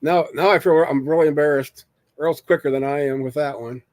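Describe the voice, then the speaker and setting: Give me a slightly high-voiced man rambling through a casual solo live stream, recorded dry on a desk mic. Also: steady tone, fairly quick, a little mellow, dry recording. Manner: rambling, jokey, reads chat aloud.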